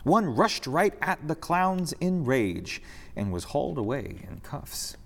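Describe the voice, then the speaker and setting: Man, rhyming story reading, animated pitch, reverberant church sanctuary. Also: slow pace. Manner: expressive, sing-song storytelling. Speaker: reader in a church service.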